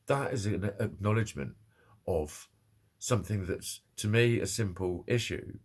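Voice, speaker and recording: A man's voice: on the low side, a little mellow, slightly rough. A man ranting angrily to camera about an online argument, swearing often and repeating himself in an agitated way. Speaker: vlogger. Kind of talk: angry personal rant to camera.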